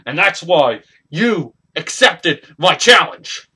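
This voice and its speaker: A man with a high, bright, husky voice delivers a ranting wrestling promo. His pitch leaps all over the place and he talks slowly, swinging from shouted bursts to low mutters. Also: sing-song. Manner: angry ranting, swinging between loud bursts and quiet mutters. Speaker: hobby online wrestling performer.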